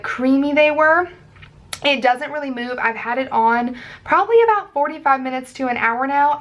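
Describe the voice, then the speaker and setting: A woman's voice: high-pitched, fairly bright tone. A young woman, chatting casually as a beauty vlogger reviewing makeup and gushing over each product. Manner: gushing, chatty, lots of fillers.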